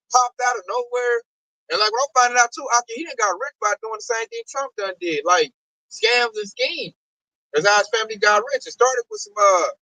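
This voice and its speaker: A man's voice: high-pitched, pushed and bright, no echo, far from the mic, rough recording. A man hosting a religious discussion, ranting animatedly with lots of slang and repetition. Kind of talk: preachy religious talk.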